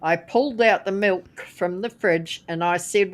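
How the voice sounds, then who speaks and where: A woman with a New Zealand accent, co-hosting a casual podcast in a measured way, precise about how words are said. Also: on the low side. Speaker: co-host.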